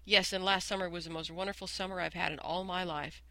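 A man reading aloud and voicing a shy, soft-spoken young schoolgirl. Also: sits high, flat delivery, quick pace, gravelly, no room sound, full character voice.

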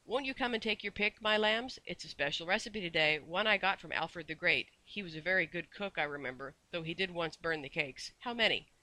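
A man voicing a tiny, ancient woman shopkeeper with a shrill, high little voice who swings between fierce softness and sweet coaxing, in a storybook reading. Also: fairly quick, hardly any pauses, no echo.

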